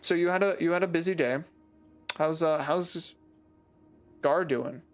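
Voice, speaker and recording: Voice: medium pitch, a little slow. Joking streamer over faint game music. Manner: joking, teasing, talks to chat. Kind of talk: casual live-stream gameplay commentary.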